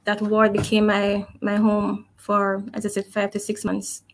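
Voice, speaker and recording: A woman tells her own story in a conversational, reflective way. Her voice carries a noticeable gravelly rasp, and she stays earnest while laughing softly at moments. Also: mid-range voice, monotone, measured pace. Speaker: guest sharing her testimony. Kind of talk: personal testimony, conversational.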